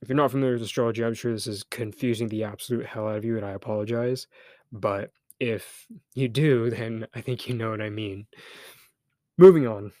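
A man's voice: on the low side, fairly quick, dark tone, no room sound, studio quality. Candid young man hosting a podcast. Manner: candid, loose, thinks aloud with restarts; a little embarrassed but encouraging. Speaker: podcast host. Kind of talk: casual solo podcast monologue.

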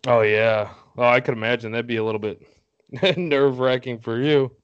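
A man's voice: medium pitch, steady tone, normal speed, clean tone, dry recording, muffled recording. A man co-hosting a podcast, chatting casually about baseball, laid-back and jokey, often laughing. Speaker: podcast co-host. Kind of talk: casual chat.

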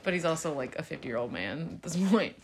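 A woman's voice: low-pitched, lively intonation, a little fast, background noise. A young woman co-hosting a podcast, chatting casually, blunt and jokey with lots of swearing. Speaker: podcast co-host. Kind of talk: casual chat.

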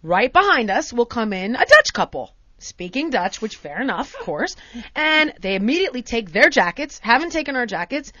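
An American woman hosting a podcast, telling a story in a casual, animated way and acting out the exchanges in different voices. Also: fairly high pitch, normal speed, no echo. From United States. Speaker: podcast host. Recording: dry, dull lo-fi sound.

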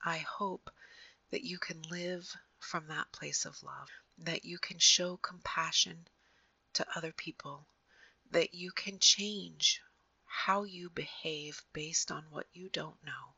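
Gravelly, bright-voiced woman host. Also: sits low, steady tone, slow, no room sound, highs cut off. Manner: gentle, earnest, often drops to a soft near-whisper. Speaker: podcast host. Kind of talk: reflective motivational monologue.

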